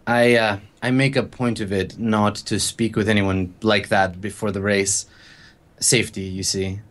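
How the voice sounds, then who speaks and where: A man voicing a poised, polite woman racing celebrity who speaks in a composed, courteous, measured way. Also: lowish voice, flat delivery, fairly bright tone, pitched below the performer's own voice.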